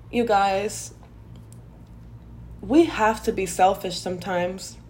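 A young adult woman hosting a personal podcast, telling her own story in a candid, expressive way, often laughing and talking straight to her listeners. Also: mid-range voice, slow, long pauses. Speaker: podcast host.

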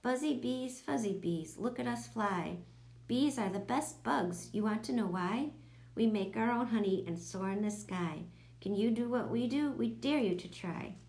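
A woman voicing a gentle, patient young female teacher in a children's story. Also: mid-range voice, moderate pace, natural voice. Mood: cheerful.

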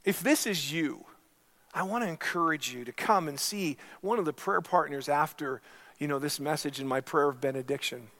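A man's voice: on the high side, moderate pace, a bit bright. A man preaching a sermon as pastor, telling a story and making earnest appeals to his congregation.

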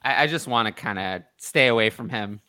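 A man hosting a casual sports talk show, opinionated and thinking out loud with frequent restarts. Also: fairly low pitch, brisk, clean tone. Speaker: podcast host. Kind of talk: casual fantasy football chat.

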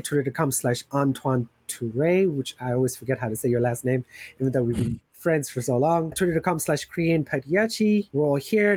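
Husky-voiced man, rambling podcast chat. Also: a little high, darkish tone, dry recording. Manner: rambling, enthusiastic, many fillers. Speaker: podcast host. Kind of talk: casual chat.

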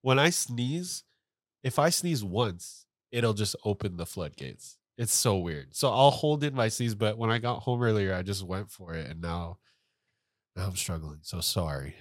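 A man's voice: lowish voice, lively intonation, a little slow, no echo, clean studio sound. A man co-hosting a podcast in casual chat, stuffy-nosed and rambling with lots of "like". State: stuffy nose. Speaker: podcast co-host.

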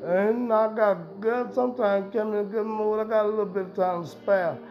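A man's voice: sits high, steady tone, moderate pace. A man hosting a podcast in a rambling, profane, emphatic casual monologue. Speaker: podcast host. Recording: dull lo-fi sound with music behind.

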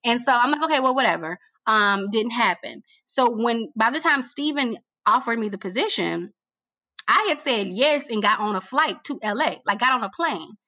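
Woman, interview guest, animated storytelling, emphatic repetition, bright forceful voice, dry close sound. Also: a little high, moderate pace, no room sound. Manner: animated, emphatic, repeats phrases for effect; colloquial, addresses listener as girl. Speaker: guest, TV producer.

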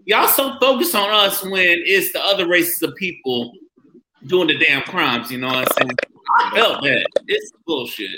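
High, lively man in an echoey room. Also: moderate pace, a little hiss or hum. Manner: blunt, heated, swears freely. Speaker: podcast co-host. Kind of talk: casual chat.

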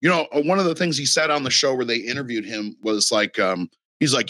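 A man's voice: mid-range voice, fairly quick, bright, forceful tone, no echo. A man talking in a casual podcast chat, rambling and profane with lots of fillers.

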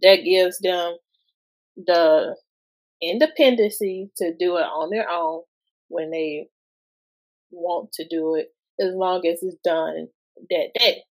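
A woman's voice: on the low side, fairly even intonation, takes it slowly, long pauses, low-quality recording. A woman in her thirties hosting a podcast, talking casually about parenting and asking lots of rhetorical questions in loose everyday speech. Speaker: guest podcast host.

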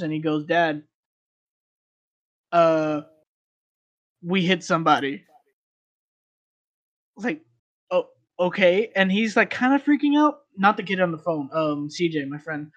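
A man's voice: fairly high pitch, fairly bright tone, muffled recording. A man telling a long story in casual podcast chat, rambling with lots of fillers and restarts.

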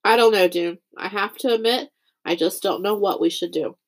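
A woman reading a weary, thoughtful father in a storybook, softer and lower than her narration. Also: moderate pace, lightly acted. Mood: grave.

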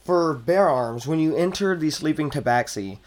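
A man's voice: fairly high pitch, normal speed. Young man narrating as game master. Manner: relaxed, loose narration with many fillers.

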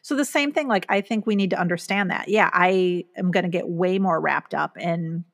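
A woman's voice: on the low side, moderate pace, vocal fry. A middle-aged woman, a guest author, talking earnestly and reflectively in a casual podcast conversation, with plenty of fillers.

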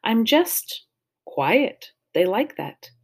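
A woman doing a shy, quiet young girl. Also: on the high side, big pitch swings, extremely slow, husky, pitched above the performer's own voice, full character voice. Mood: soft.

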